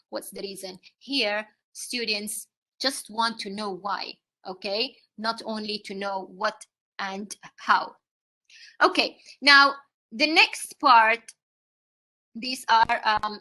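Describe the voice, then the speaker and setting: A woman's voice: on the high side, pushed and bright. A woman with a Saudi Arabian accent, an English teacher whose first language is Arabic, giving a live training talk to other teachers, explaining through questions, fillers and frequent "okay?" checks.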